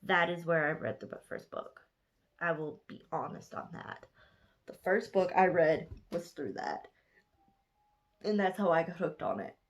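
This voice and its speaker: A woman in her twenties with a Southern US accent gives a casual book review vlog. She sounds sleepy from being up late and rambles along in a fairly low voice, stopping to correct herself and gushing over what she loved. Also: expressive, measured pace. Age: 20s. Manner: rambling, chatty, gushing, with frequent self-corrections. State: sleepy, yawning late at night.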